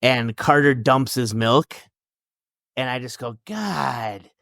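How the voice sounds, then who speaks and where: A man's voice: medium pitch, steady tone, measured pace, pushed and bright, smooth, no room sound, clean studio sound. Laughing storyteller man on a podcast. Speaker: podcast co-host. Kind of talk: casual podcast chat.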